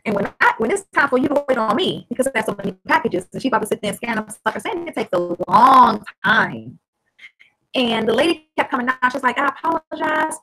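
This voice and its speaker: A woman's voice: fairly high pitch, low-quality recording. A woman telling a story casually on her vlog, chatty and blunt, swearing freely. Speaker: vlogger.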